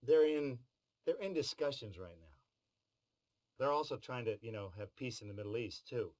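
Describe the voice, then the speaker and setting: A man's voice: medium pitch, normal speed, a little mellow, low-quality recording. A middle-aged man talking in a behind-the-scenes interview about voice work, with a wry, joking manner. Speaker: voice actor in behind-the-scenes feature. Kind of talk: interview talk.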